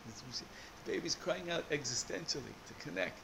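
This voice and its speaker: Animated man teaching a Torah class. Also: fairly high pitch, normal speed, vocal fry, noisy background. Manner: animated, searching for words with many restarts.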